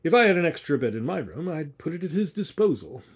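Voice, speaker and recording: A man voicing a tipsy, pompous gentleman who speaks with exaggerated, sing-song civility. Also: mid-range voice, big pitch swings, moderate pace, husky. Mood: ponderous. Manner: over-polite, sing-song, slightly drunk. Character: tipsy, pompous middle-aged gentleman guest.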